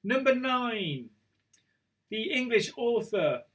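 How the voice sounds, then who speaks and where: A man's voice: very high voice, sing-song, slow, a bit bright. Chatty man hosting a quiz. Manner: chatty, self-mocking, trips over words. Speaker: quiz host. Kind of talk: casual live quiz hosting.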